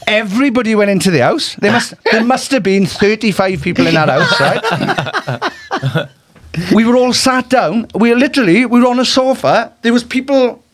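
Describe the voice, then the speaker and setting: A high-pitched man with a broad South Wales Valleys accent tells stories on a casual podcast. He swears freely, laughs often, and acts out the people in his tales. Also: sing-song, moderate pace. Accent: Welsh, South Wales Valleys. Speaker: podcast host. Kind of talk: casual pub chat storytelling.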